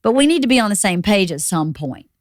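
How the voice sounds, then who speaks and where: A woman's voice: medium pitch, sing-song, fairly quick, no echo, studio quality. A woman in her forties, a mother co-hosting a podcast, telling parenting stories in an earnest, reflective way. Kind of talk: casual podcast chat.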